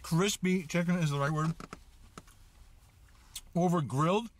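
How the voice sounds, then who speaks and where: A man's voice: fairly high pitch, unhurried, a little hiss or hum. Middle-aged man reviewing food with mouth full. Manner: eating while talking, mouth full. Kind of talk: casual food review vlog. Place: in a car.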